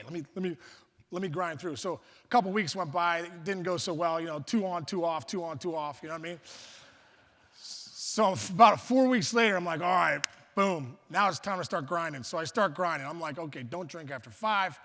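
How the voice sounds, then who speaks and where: A man giving a funny storytelling speech at a luncheon, animated and acting out voices with sudden loud outbursts. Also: on the high side, fairly quick. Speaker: luncheon speaker. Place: banquet hall. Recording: reverberant hall.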